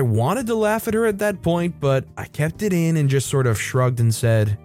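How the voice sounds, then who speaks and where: A man's voice: on the high side, lively intonation, moderate pace, few pauses, a little mellow. Man narrating a story over faint music. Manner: reads quoted lines in a raised, acted-out voice. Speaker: host reading online stories.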